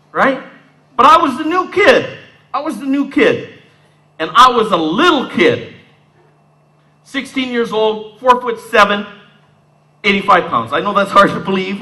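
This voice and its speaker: Animated, bright-voiced man in his fifties. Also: high-pitched, rough recording. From Southern Ontario, Canada. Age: 50s. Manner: animated, streetwise storyteller acting out scenes. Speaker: speaker giving a talk. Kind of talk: storytelling talk.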